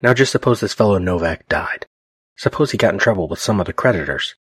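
A man's voice: deep voice, expressive, quick pace, fairly bright tone, slightly rough, dry recording, full character voice. A man voicing a fussy, disapproving older male bank officer who scolds in a raised, exasperated voice. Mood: scolding.

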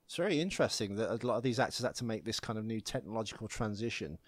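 A man with a fairly low voice asks curious questions in a relaxed podcast chat. He teases his co-host along the way, and the sound is dry and close. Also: racing, no echo. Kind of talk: casual film discussion.

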